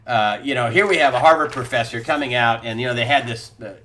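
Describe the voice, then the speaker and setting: A man's voice: mid-range voice, quick pace, sharp tone, a little hiss or hum. A middle-aged man hosting a solo news commentary, talking in an incredulous, sarcastic way and laughing scornfully at the stories he reads.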